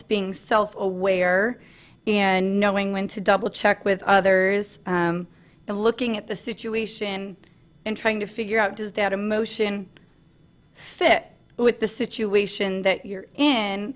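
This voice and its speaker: A woman in her thirties giving an earnest personal presentation at a family meeting, pausing often on "um". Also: mid-range voice, steady tone. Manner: earnest, frequent "um" fillers, light laughs.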